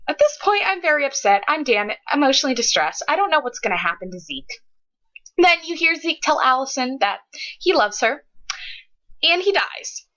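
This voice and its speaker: Bright, lively young woman, lo-fi audio. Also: high voice. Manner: gushing, emotional, says "like" a lot. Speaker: book reviewer. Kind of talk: casual book review vlog. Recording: lo-fi dull webcam audio.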